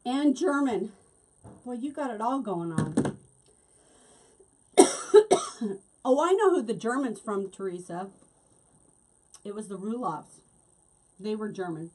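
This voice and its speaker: A woman's voice: mid-range voice, expressive, slow pace, pauses often, darkish tone. A middle-aged woman hosting a casual craft tutorial, chatting and laughing as she works. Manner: chatty, laughs often, talks while working. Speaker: wreath-making host.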